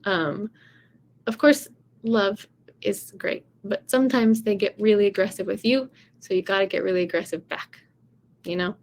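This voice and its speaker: A woman's voice: mid-range voice, moderate pace. A woman vocal coach giving casual, encouraging advice in a chatty way, often saying "you know" and "right".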